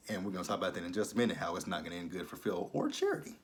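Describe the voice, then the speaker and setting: Guy with a lowish voice ranting through a tv recap, blunt and fed up, lots of um and you know. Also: lively intonation, very fast. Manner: blunt, exasperated, rambling with many fillers. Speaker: TV episode reviewer. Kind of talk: casual recap vlog.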